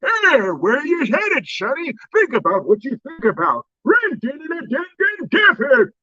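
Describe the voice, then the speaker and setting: A man's voice: very high voice, huge pitch swings, a little slow, bright, forceful tone, no room sound, pitched above the performer's own voice, exaggerated voice. A man doing a singsong old-timer. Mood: rambling. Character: rambling elderly man calling someone sonny. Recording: slightly dull lo-fi sound.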